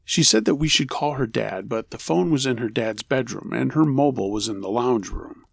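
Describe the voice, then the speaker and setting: A man narrating true scary stories in a low, steady storytelling voice. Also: normal speed, vocal fry, breathy edge, dry recording, studio quality.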